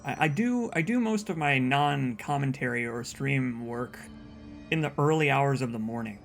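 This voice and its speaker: A man's voice: mid-range voice, animated, normal speed, creaky, soft background music. A young man giving casual let's play commentary, rambling and stumbling over repeated words as he talks.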